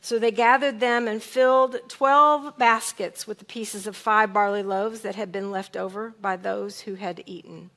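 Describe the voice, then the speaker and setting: A woman's voice: medium pitch, fairly even intonation, measured pace, hardly any pauses, a bit bright. A woman pastor giving a sermon, reading scripture aloud and acting out lines in different tones. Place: church sanctuary.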